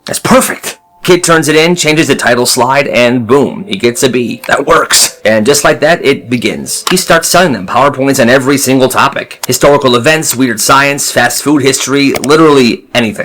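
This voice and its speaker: A male storyteller with a lively, swooping delivery and a husky, breathy texture, narrating comic school and family anecdotes. His pitch sits in an ordinary middle range. Faint music runs underneath. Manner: animated, dramatic, switches into character voices.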